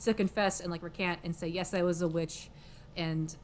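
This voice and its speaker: A woman's voice: on the low side, fairly even intonation, normal speed. A woman casually recapping a story in a chatty way, full of fillers like "like" and "um" and frequent laughs. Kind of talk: casual plot summary.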